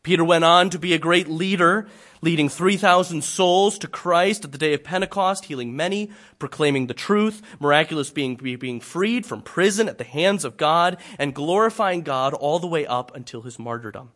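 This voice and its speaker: A man preaching a sermon, telling a scripture story dramatically, swinging from loud to hushed. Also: a little high, normal speed.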